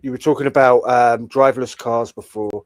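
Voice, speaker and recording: A man's voice: medium pitch, fairly even intonation, fairly quick. A man co-hosting a casual chat, cutting in with dry, teasing remarks. His voice sits in an ordinary middle range. The recording is dry and close, with no room echo. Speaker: podcast co-host.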